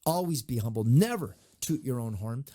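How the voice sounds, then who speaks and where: A man's voice: medium pitch, normal speed, no room sound, clean studio sound. A middle-aged man, a mayor, giving advice in a conversational interview, telling stories and acting out the people he quotes. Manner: animated storyteller, acts out quoted voices.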